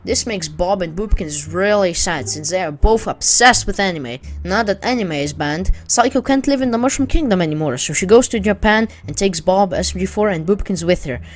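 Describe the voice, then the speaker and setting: A woman talking through a long plot recap at a middling pitch, in a steady, matter-of-fact tone. Soft music sits faintly underneath her voice. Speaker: narrator summarizing a web series. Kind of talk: read-aloud plot summary.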